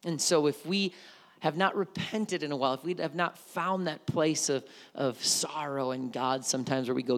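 A man's voice: fairly high pitch, brisk, big-room sound. A man preaching a sermon as a pastor, conversational, with frequent restarts and repeated words.

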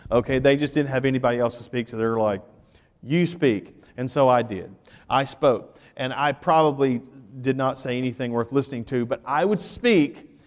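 A man preaching a sermon as pastor, animated, swinging from loud to hushed and repeating his phrases. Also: mid-range voice. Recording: reverberant church hall.

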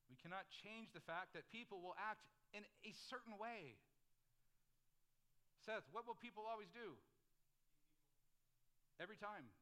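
A middle-aged pastor delivers a sermon in a loose, chatty way, full of asides and prompts for the congregation to answer. His voice sits high for a man and rings bright and forceful. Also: a little slow, pauses often. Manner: conversational preaching with frequent "like" and call-and-response.

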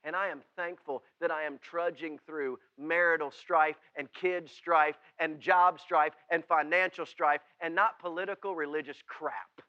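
A man preaching a sermon as pastor, folksy and plain-spoken, swinging from loud preaching to quiet, intimate asides. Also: a little high, steady tone, unhurried, hardly any pauses, dry recording, highs cut off. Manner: folksy and plain-spoken, with southern-style words.

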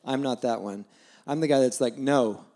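A man in his forties, a guest preacher, telling a personal story in a conversational sermon and dropping low and soft when he quotes scripture. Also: fairly quick. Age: 40s.

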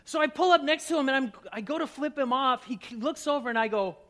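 Middle-aged male pastor from Minnesota, very high pitch, self-mocking, lively storyteller in the pulpit. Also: quick pace. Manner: animated, self-mocking storyteller who laughs at himself. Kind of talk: sermon with personal storytelling.

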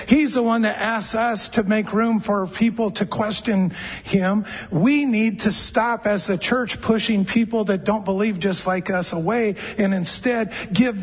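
A man delivers a conversational sermon from a church pulpit, his voice high and a little husky. He slips into soft, gentle tones when acting out quoted words. The sound carries the long reverb of a large hall. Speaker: pastor.

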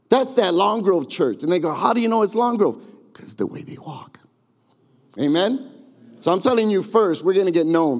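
A man's voice: sits high, a little mellow. A man pastor preaching a sermon to his congregation with emphatic call-and-response. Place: church sanctuary. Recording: long reverb of a church hall.

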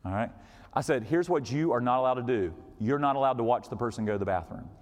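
A man preaching as a pastor, telling a story in an animated way and acting out quoted voices, sometimes dropping to a whisper. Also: medium pitch, fast. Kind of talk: storytelling sermon. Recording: long hall reverb.

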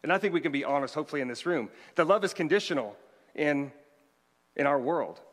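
A man's voice: fairly high pitch, lively intonation, quick pace. A man, a pastor, delivering a conversational sermon with joking asides to the congregation. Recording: long hall reverb.

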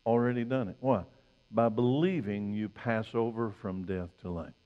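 A man's voice: moderate pace, dull audio. Dynamic preaching man in a reverberant hall. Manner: dynamic preaching, swinging from loud emphatic peaks to hushed low lines. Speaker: pastor. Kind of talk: sermon.

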